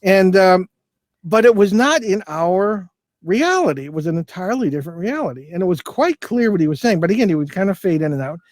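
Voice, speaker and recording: Here the older guest, a paranormal investigator, has a high-pitched, expressive voice that's fairly quick and a little mellow, recorded without echo. In this relaxed storytelling interview he spins a long anecdote, rambling with many fillers and false starts.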